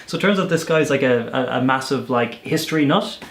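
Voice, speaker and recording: A young Irish man telling travel stories in a casual vlog, chatty and animated, often restarting his sentences. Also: mid-range voice, fairly quick, roomy sound. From Ireland. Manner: chatty, animated storyteller with self-corrections. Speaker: volunteer vlogger.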